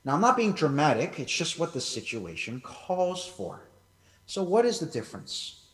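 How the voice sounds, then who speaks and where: Man, pastor, animated sermon, fairly high voice, echoey hall. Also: moderate pace. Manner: animated, emphatic preaching with conversational asides. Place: church hall. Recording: echoey church hall, voice from far off.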